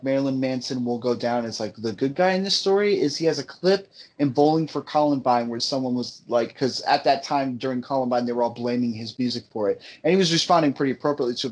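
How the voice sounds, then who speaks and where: A man co-hosting a podcast, chatting casually and rambling, swearing freely, on a headphone mic that sometimes sounds muffled. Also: medium pitch. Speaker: podcast co-host. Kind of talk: casual chat.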